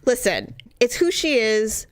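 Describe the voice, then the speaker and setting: A woman co-hosting a podcast, telling a story in an animated, frank way with casual swearing. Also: fairly high pitch, measured pace, clear, resonant tone, dry recording, clean studio sound. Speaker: podcast co-host. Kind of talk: casual chat.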